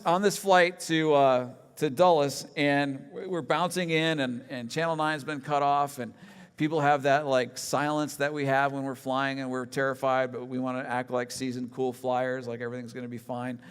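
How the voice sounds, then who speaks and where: In a church sanctuary with a long, cavernous reverb, a middle-aged pastor delivers a chatty sermon built on humorous personal anecdotes and self-deprecating jokes. He speaks at normal speed in a clean, steady, medium-pitched voice.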